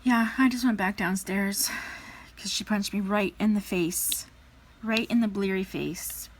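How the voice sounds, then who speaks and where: A woman's voice: medium pitch, unhurried. A woman in her thirties, a crafting vlogger, chatting casually and telling stories with plenty of fillers and playful voices for quotes. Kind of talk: casual storytelling chat.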